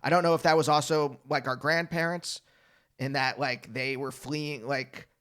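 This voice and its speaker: A man's voice: mid-range voice, steady tone, normal speed, fairly bright tone, clear, resonant tone. A man hosting a podcast, musing thoughtfully and hesitantly, with frequent fillers and restarts. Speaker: podcast host. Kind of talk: casual conversational interview.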